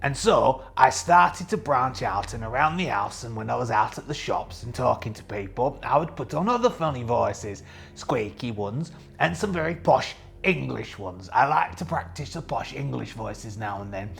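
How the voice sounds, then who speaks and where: A man's voice: mid-range voice, animated, moderate pace, gravelly, a bit bright, slight background noise. A man playing a young, boastful pirate captain who rambles as he runs a solo tabletop game and answers his own questions. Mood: jovial. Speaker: host and solo game player.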